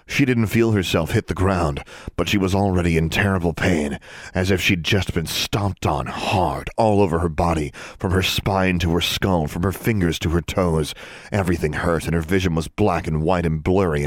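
A man narrating a fantasy story as an audiobook, in a steady, measured reading. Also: low-pitched, dry recording, clean studio sound.

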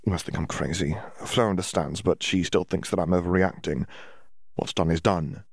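A man's voice: sits low, normal speed, dry recording, clean studio sound. Man voicing Hermione, clipped and earnest. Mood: troubled. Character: clever earnest young witch, teenage girl.

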